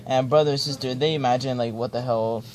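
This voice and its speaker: A man's voice: medium pitch, fairly even intonation, quick pace, a little mellow. Laid-back slangy young man joking through a storybook. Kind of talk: comedic ad-libbed storybook reading. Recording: friends chatting and laughing nearby.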